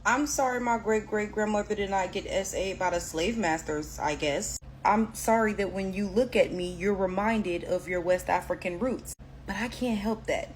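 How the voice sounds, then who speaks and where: Woman, commentator, sarcastic defiant rant, mid pitch, faint background hiss. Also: moderate pace. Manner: sarcastic, pointed. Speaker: social media commentator.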